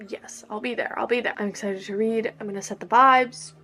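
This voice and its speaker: A woman's voice: on the high side, steady tone, brisk, sharp tone. A young woman in her twenties vlogging at home about her reading, chatty and gushing. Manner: chatty and gushing, lots of "like" and "obsessed". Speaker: book vlogger. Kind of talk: casual reading vlog. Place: home, indoors.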